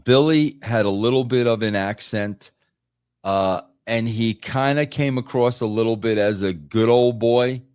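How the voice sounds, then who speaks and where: A man's voice: medium pitch, a little slow, darkish tone, clear, resonant tone, no echo, studio quality. A man talking in a casual podcast chat, emphatic, repeating words and saying "bro" a lot. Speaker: podcast guest, former wrestling writer.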